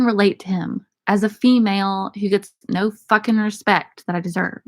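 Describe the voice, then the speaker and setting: A woman's voice: mid-range voice, steady tone, moderate pace. A young woman in casual Q&A chat, answering viewer questions with irreverent, profane, laughing banter. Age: young adult.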